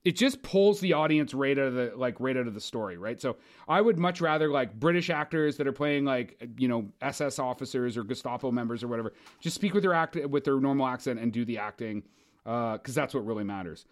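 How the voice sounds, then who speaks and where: A man co-hosting a casual podcast chat, animated and excitable, swearing freely as he talks. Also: medium pitch, a little fast. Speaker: podcast co-host.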